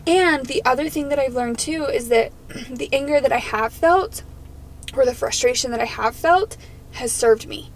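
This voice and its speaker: A woman's voice: high-pitched, normal speed, slight background noise, rough recording. A woman co-hosting a podcast, talking earnestly and emotionally in casual chat. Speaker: podcast co-host.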